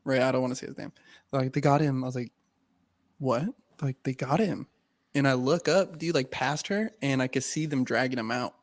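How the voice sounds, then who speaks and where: A young man co-hosting a podcast, telling a story in animated, slangy talk with lots of swearing and laughter. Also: mid-range voice, a little fast, no room sound. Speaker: podcast co-host. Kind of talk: casual chat, storytelling.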